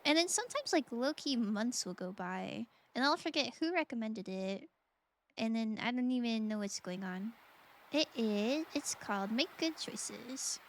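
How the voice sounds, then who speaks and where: A high-pitched woman chats slowly and playfully with her live-stream viewers, laughing often. Her voice has a gravelly fry at the ends of phrases, over faint background noise. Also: lively intonation. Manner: playful, giggly, talks to chat. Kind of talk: casual live-stream chat while gaming.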